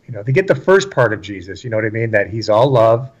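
A man's voice: lowish voice, big pitch swings, fast talker, husky, lo-fi sound. A man talking about scripture in a casual but preachy discussion, emphatic and repeating phrases for stress. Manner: emphatic, repeats lines for stress, acts out quotes.

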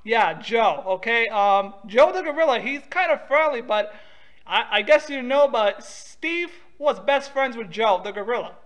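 A man's voice: very high-pitched, lively intonation, unhurried, fairly bright tone. A man making a prank phone call, pushy and talking over the other person. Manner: pushy, talks over the other person, says "dude" a lot. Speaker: prank caller.

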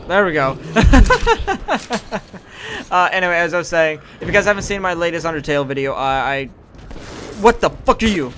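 A man giving casual gameplay commentary, excitable and swearing, with frequent exclamations. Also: fairly high pitch, normal speed, pauses often, slight background noise. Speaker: let's play gamer. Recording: game sounds under voice.

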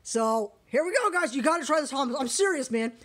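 A woman's voice: high-pitched, expressive, a little fast, a bit bright. A woman with a Canadian accent vlogging casually at home, gushing and repeating herself, using baby talk for her dogs.

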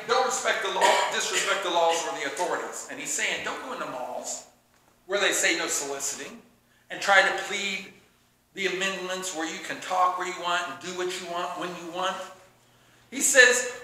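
Animated, bright-voiced preacher. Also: male voice, sits high, normal speed, slight background noise. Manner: animated, joking storyteller. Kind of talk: sermon. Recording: very echoey room.

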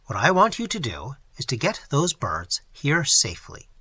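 A calm, amused old zoo professor with a dry, teasing way of talking, as a male reader puts him on. The husky voice rises and falls widely over a bright edge. The sound is close and dry. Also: medium pitch, moderate pace, no echo, exaggerated voice. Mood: placid, amused. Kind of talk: audiobook character reading.

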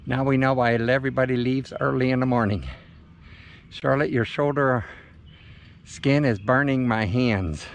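Slow, gravelly older man vlogging. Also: medium pitch, steady tone, a little hiss or hum. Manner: chuckling, laid-back, slow. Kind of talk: casual camping vlog. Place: campground, outdoors and in a car. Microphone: action camera.

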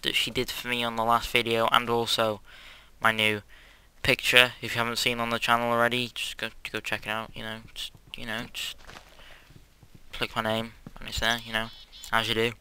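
A man's voice: mid-range voice, completely flat delivery, moderate pace, pushed and bright, smooth, no echo, rough recording. A young man rambling through a Let's Play at home, hyperactive and self-mocking, with sudden squeals and whispered asides. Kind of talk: casual gameplay commentary. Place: quiet house at home.

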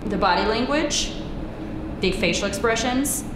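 A woman interviewee explaining things in a slow, deliberate way. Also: a little high, animated. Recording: echoey room with background noise.

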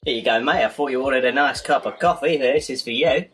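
A man voicing a chatty Australian delivery guy in a deliberately bad mock-Australian accent, rambling and matey. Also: medium pitch, a bit bright, slightly rough. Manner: laid-back, rambling, matey.

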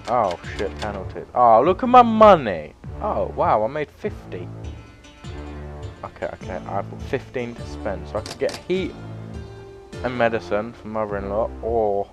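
Sweary man gaming, unhurried. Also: on the low side, faint music behind. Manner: sweary, excitable, bursts into loud yelps. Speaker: gaming YouTuber. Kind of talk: let's play commentary.

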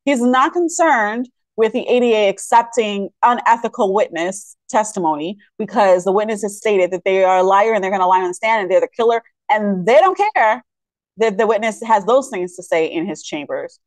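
A woman's voice: medium pitch, normal speed, no room sound. A woman giving indignant, sarcastic commentary on court footage, mock-quoting the people in it. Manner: indignant, sarcastic, mock-quotes the judge in put-on voices. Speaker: legal commentator.

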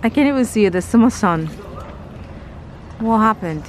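A woman's voice: a little high, expressive, normal speed, slight background noise, poor audio. A woman vlogging casually outdoors, scolding and exasperated in a dramatic way. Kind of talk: casual vlog chat.

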